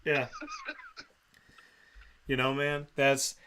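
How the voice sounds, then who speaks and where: Male talk show host, slightly higher voice, lively storyteller who acts out the quoted voices, casual chat on a studio mic. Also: drawn-out words. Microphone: studio microphone.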